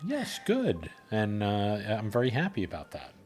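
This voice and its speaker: A man's voice: lowish voice, huge pitch swings, a little mellow, faint music behind. A man co-hosting a paranormal chat show, talking casually with lots of hesitant fillers. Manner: hesitant, halting with many fillers. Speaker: podcast co-host.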